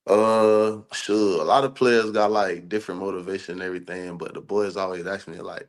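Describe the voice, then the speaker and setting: A man's voice: deep voice, steady tone, a little fast, hardly any pauses. A young man, a college football player, answering interview questions in a loose, earnest, conversational way. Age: young adult.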